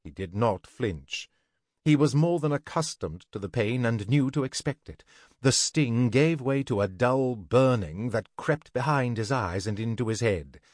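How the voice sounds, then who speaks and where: A man narrating a scripted fantasy story in an even, deliberate way. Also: mid-range voice, no echo, clean studio sound.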